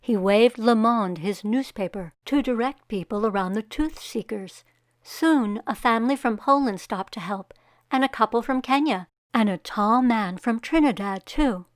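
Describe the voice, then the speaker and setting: A woman reading a children's picture book aloud, giving the characters voices and pausing to ask young listeners what will happen next. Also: a little high, no room sound, studio quality.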